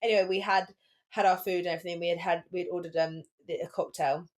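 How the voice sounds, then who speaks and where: A woman's voice: lowish voice, steady tone. A young woman, co-hosting a podcast and telling stories in a casual chat full of "like". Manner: rapid, filler-heavy storytelling with lots of "like". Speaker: podcast co-host.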